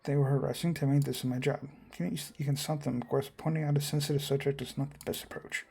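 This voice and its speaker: A man reading visual novel dialogue aloud, quick and stumbling, often restarting words. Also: medium pitch, fairly even intonation, vocal fry, a little mellow, husky. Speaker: gamer voicing a visual novel.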